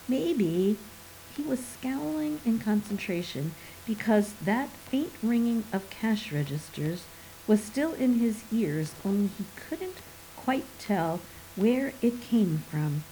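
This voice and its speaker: A woman reading a story aloud as narrator, in an even, measured way. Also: medium pitch, a little hiss or hum, low-quality recording. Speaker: audiobook narrator. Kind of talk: scripted narration.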